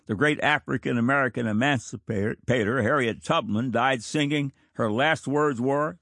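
A man in his fifties, a country church pastor, giving a sermon in a slow, deliberate and solemn manner. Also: mid-range voice, fairly bright tone, dry recording, clean studio sound. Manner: slow, deliberate, solemn delivery with drawn-out words. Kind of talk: sermon reading of quotations.

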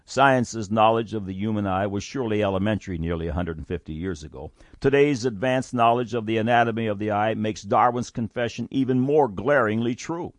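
Earnest man preaching, low dry voice. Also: dry recording. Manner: emphatic, earnest, reads scripture aloud. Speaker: Bible teaching show host. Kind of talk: scripted preaching with scripture reading.

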